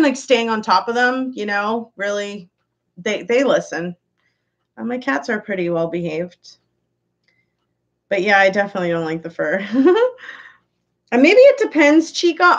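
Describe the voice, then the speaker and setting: A woman with a medium-pitched, fairly bright voice hosts a casual live stream. She chats with viewers, reads their comments aloud and laughs often.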